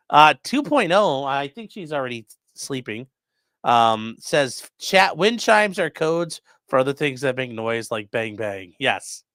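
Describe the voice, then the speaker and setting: A man's voice: mid-range voice, sing-song, slow pace, fairly bright tone, dry recording, studio quality. A man who is a defense attorney, casually commenting on a livestream and reading chat messages aloud in a loose, profane way.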